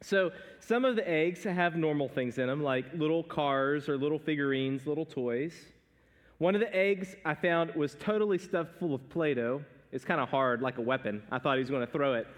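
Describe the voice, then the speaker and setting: A man's voice: on the high side, lively intonation, moderate pace. A man in his thirties preaching a sermon, telling family stories in a conversational way with laughs. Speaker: pastor. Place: church sanctuary stage. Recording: long reverb of a church hall.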